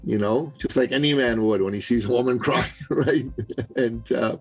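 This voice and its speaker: Gravelly man telling a story. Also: medium pitch, normal speed, faint music behind, low-quality recording. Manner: earnest, conversational storytelling with asides. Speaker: podcast guest, business coach. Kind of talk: storytelling in an interview.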